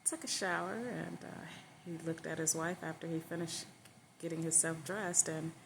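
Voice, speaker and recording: A woman's voice: low voice, fairly even intonation, normal speed, gravelly. Woman telling a story over hiss. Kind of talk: casual spoken storytelling.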